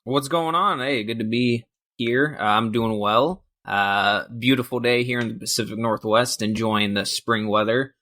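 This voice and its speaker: A man's voice: mid-range voice, fairly even intonation, measured pace, bright, forceful tone. A young man co-hosting a casual sports podcast, upbeat and easygoing. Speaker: podcast co-host.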